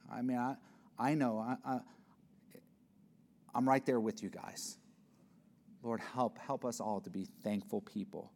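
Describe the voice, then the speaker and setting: This pastor's sermon comes in a mid-range, slightly mellow voice at a measured pace. He's earnest and conversational, repeatedly restarting his phrases.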